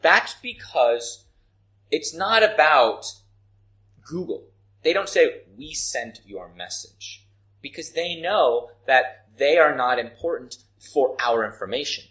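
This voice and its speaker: A man's voice: fairly high pitch, expressive, slow pace, a bit bright, low-quality recording. Guy teaching a business english lesson, voice bounces up and down a lot, keeps asking "right?". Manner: explains with examples, asks frequent "right?" and "okay?". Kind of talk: explaining a writing lesson.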